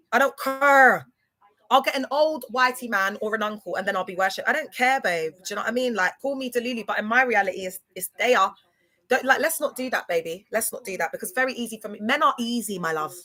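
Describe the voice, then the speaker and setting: A sassy woman chats to her livestream viewers in a slightly high, bright, forceful voice. She talks emphatically, stumbling and repeating words as she goes. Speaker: live streamer. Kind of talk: casual livestream chat.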